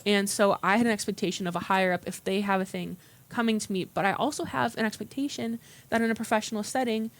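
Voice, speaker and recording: A woman's voice: medium pitch, quick pace, few pauses. Earnest woman telling a personal story. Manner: earnest, recounts dialogue in quotes. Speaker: workshop participant. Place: meeting room.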